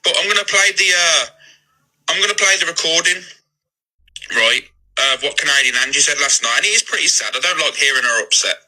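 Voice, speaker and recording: A man's voice: a little high, a little fast, bright, forceful tone, rough recording. A man ranting defensively on a live stream, agitated and swearing often. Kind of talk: heated live-stream rant.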